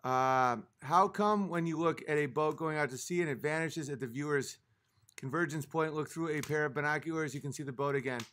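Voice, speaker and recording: A man with a fairly high, slightly bright voice speaks briskly as he hosts a livestream. Reading his chat, he argues with it in a cursing, exasperated rant, a little tipsy from a few drinks.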